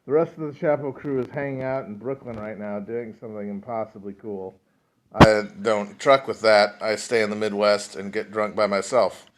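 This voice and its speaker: A man's voice: fairly low pitch, steady tone, moderate pace. A man hosting a casual solo livestream from home, rambling and swearing, breathing heavily into a phone mic. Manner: rambling, profane and self-deprecating. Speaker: podcast host. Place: at home, alone.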